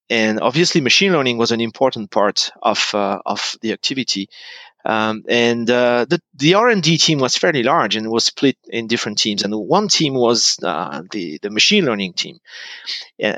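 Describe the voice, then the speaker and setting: A man's voice: on the low side, fairly bright tone, no echo. A man from France, a guest in a casual interview, talking with many restarts and fillers. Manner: hesitant, many repeated starts and fillers. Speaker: guest, technical evangelist.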